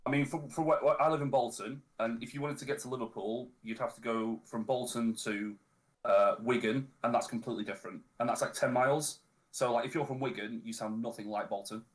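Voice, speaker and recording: A man with a Lancashire accent chatting as a guest on a stream, easygoing and relaxed, dropping local slang. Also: medium pitch, a little fast. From Northern England. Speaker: podcast guest. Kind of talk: casual chat on a charity stream.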